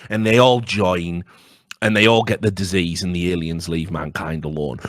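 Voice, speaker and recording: This podcast co-host, a man, talks fairly quickly while trading rambling, foul-mouthed stories on a laid-back comedy show, now and then erupting in high-pitched yelps. It's studio-quality audio without any room sound.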